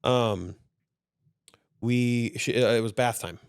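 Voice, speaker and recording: A man with a mid-pitched voice co-hosting a casual podcast. He tells stories in a lively way, laughing and swearing as he goes. The sound is dry and close. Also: slow pace, clean tone, no echo. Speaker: podcast co-host. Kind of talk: casual chat, storytelling.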